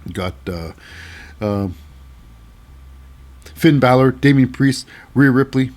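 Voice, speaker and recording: A man's voice: medium pitch, slow, darkish tone. A man hosting a casual wrestling show recap, rambling with lots of fillers and hyping things up with "baby".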